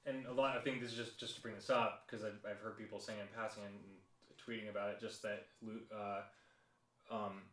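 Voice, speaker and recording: A man's voice: lowish voice, flat delivery, brisk, fairly bright tone, roomy sound, far from the mic. A man co-hosting a casual fan podcast, hesitant and stumbling through restarts as he asks his questions. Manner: hesitant, full of restarts and fillers. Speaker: podcast co-host.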